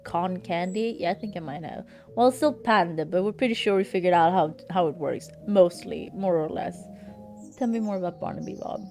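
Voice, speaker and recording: A woman's voice: medium pitch, a little mellow, close to an everyday voice. A woman voicing a cheerful male rodeo clown working a circus ticket booth, with a folksy drawl and forced salesman cheer.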